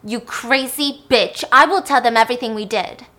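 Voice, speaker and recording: A woman voicing a desperate, furious male con man who shouts accusations. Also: on the high side, lively intonation, fairly quick.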